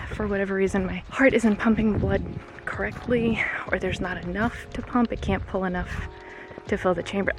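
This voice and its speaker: A woman's voice: medium pitch, creaky, noisy background. A woman in her forties talks casually on a hiking vlog, chatty and self-deprecating, easily sidetracked. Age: 40s. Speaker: vlogger. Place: outdoor hiking trail in a park.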